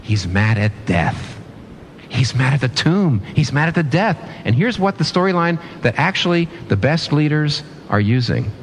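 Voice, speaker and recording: A man's voice: on the high side, animated, normal speed, few pauses, slight background noise. A man preaching a sermon in an earnest way, often restarting and repeating phrases for emphasis.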